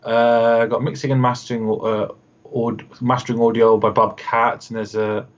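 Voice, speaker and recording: A man's voice: mid-range voice, flat delivery, moderate pace, muffled recording. Rambling man on a video call. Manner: rambling storyteller, acts out quoted voices, many fillers. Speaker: guest, radio host and producer. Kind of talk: casual video call interview.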